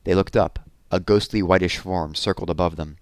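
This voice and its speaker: A man reading a children's story aloud with a lively, expressive delivery. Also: deep voice, normal speed, no room sound, clean studio sound. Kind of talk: children's book read-aloud.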